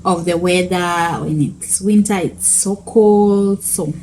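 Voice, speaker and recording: A woman's voice: fairly low pitch, steady tone, takes it slowly, a little mellow, slight background noise, rough recording. A woman from Kenya with a Kenyan accent, talking casually to camera as a vlogger, chatty with fillers and restarts. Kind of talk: casual explanatory talk to camera.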